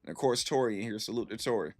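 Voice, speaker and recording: Rapid-fire and fairly low-pitched, a man in his thirties casually chats with people watching his stream. His story is animated and slangy, with repeated lines for emphasis.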